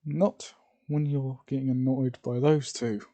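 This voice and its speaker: Man reading: firm, scolding young teacher; mellow, dark tone. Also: mid-range voice, flat delivery, unhurried, lightly acted. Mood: stern. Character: young woman teacher, stern and protective.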